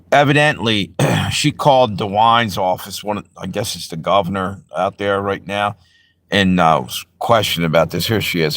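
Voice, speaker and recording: Fired-up ranting man, low voice. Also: fairly bright tone, no room sound, studio quality. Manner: profane, heated, rambling. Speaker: livestream host. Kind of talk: angry livestream rant.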